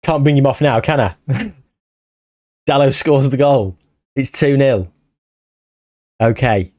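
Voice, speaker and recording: A man commentating his football management game as he plays, anxious and short of breath, bursting into excited shouts at near misses. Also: medium pitch, takes it slowly, dry recording, studio quality. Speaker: gaming YouTuber.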